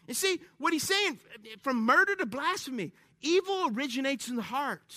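A man with a very high, sharp, bright voice preaches a lively sermon to a congregation in a church. He jokes and calls out to the crowd in an energetic call-and-response. The sound is dry and close. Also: normal speed, few pauses, no echo.

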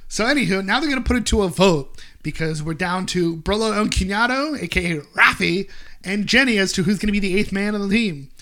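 A man's voice: high-pitched, a little fast. A man hosting a casual podcast, animatedly recapping an episode and quoting characters. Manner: animated, quotes characters in bursts. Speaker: podcast host.

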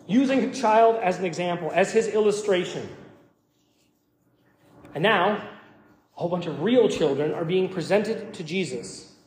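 High-voiced pastor preaching in echoey hall. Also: male voice, a little mellow, a little hiss or hum. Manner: emphatic, repeats words when starting phrases. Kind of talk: sermon. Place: church sanctuary.

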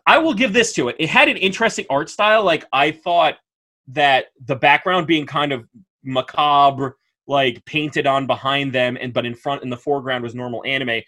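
Man, podcast co-host, fairly high voice, bright tone, animated, laughs a lot. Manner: animated, laughs often, rambling. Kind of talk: casual chat.

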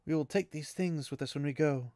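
A man reading a solemn sorceress's lines aloud from a novel, slow and measured. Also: on the high side, mellow, no echo, clean studio sound, natural voice.

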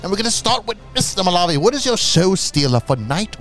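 A man co-hosting a casual show, joking, animated and swearing freely, with faint music behind. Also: sits high, fast. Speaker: co-host of a wrestling show. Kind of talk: casual chat.

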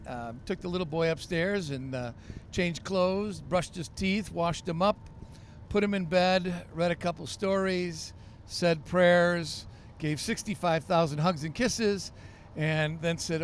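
A man, a pastor, telling stories on a podcast in a lively, animated way with frequent ums and uhs. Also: sits high, measured pace, a little hiss or hum. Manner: animated storyteller with many fillers. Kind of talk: storytelling on a podcast.

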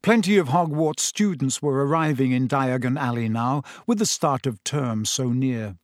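A man's voice: mid-range voice, normal speed, no echo. Man reading a story aloud, dry close sound. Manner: steady storytelling. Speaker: audiobook narrator. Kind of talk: scripted narration.

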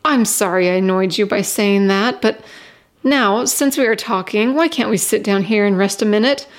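A woman reading aloud, voicing a refined, kind lady stranger who speaks softly and soothingly in well-spoken phrases. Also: mid-range voice, moderate pace, natural voice.

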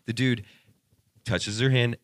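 A man's voice: mid-range voice, steady tone, slow pace, no room sound, studio quality. A young man co-hosting a podcast, telling a long story in casual chat, rambling with constant "like" and "dude" and heavy swearing. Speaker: podcast co-host.

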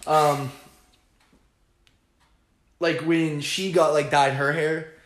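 A man's voice: fairly high pitch, little pitch movement, very slow, fairly bright tone. Young man, laid-back podcast chat, roomy sound. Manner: rambling, laid-back, heavy on "like" and "bro". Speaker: podcast co-host. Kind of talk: casual chat.

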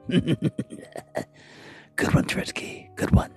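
A man with a gravelly, raspy voice laughs and shouts hype in a slow, swinging delivery, with faint music underneath. He sounds rowdy and amused. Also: sits low, lively intonation.

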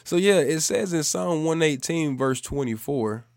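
A man's voice: on the high side, expressive, a little slow, hardly any pauses, darkish tone, no room sound, studio quality. A man in his thirties preaching a sermon, earnest, repeating phrases and building to fervent exhortation.

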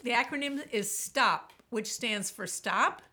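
Bright-voiced woman telling stories. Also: fairly high pitch, unhurried, husky. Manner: animated storyteller, quotes herself vividly. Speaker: guest, burnout author. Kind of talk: podcast interview, storytelling.

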